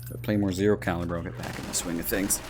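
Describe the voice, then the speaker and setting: A man's voice: low-pitched, flat delivery, racing, background noise. A man, an author, rambling and joking in casual commentary while he plays a VR game. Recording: game music behind.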